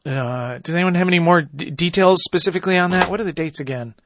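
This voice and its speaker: A man with a high voice hosts a casual podcast, speaking quickly against background noise. He rambles loosely, with lots of fillers and restarts.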